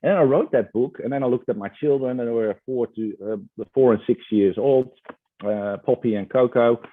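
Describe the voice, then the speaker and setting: A man's voice: medium pitch, moderate pace, no echo. A man with a Dutch accent, a guest author chatting hesitantly in an interview with many fillers and restarts. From Netherlands. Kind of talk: casual interview chat. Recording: tinny phone-like line.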